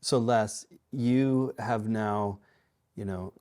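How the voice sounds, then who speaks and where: A man hosting an interview, asking gentle, thoughtful questions. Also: on the low side, steady tone, very slow, clean tone. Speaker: interviewer, host. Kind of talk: conversational interview.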